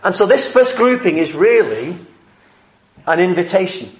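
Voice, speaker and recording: A man's voice: sits high, very animated, normal speed, reverberant. A man preaching a heartfelt, earnest sermon.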